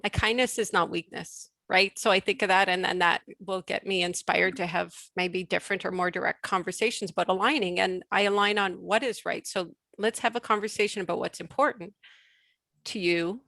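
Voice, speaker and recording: Woman, gravelly voice, animated casual talk, video call, dry sound. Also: mid-range voice, dry recording. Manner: animated, quick restarts, laughs between points. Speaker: guest speaker on leadership. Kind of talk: casual conversational webinar talk.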